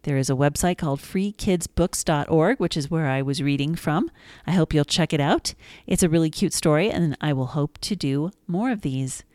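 Woman storyteller, low voice, gentle expressive reading, dry close sound. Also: normal speed, no room sound. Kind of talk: children's story read aloud.

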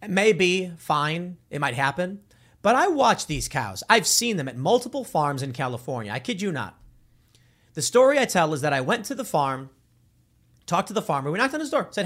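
A man's voice: fairly high pitch, big pitch swings, normal speed, fairly bright tone. A man talking casually and jokingly, giving his opinions and acting out quoted voices.

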